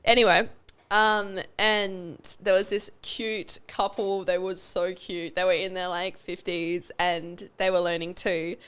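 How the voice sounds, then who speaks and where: A woman chatting as a guest, telling animated stories, acting out what people said and swearing casually. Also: lowish voice, slow, clean tone. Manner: animated storyteller, acts out quotes, swears casually. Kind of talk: casual interview chat.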